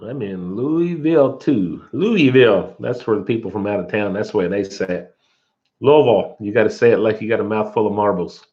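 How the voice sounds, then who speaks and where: A man hosting a casual livestream in a relaxed way, reading viewer comments aloud and answering them. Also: lowish voice, fairly quick. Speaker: livestream host. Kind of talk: casual live chat. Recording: dull lo-fi livestream audio.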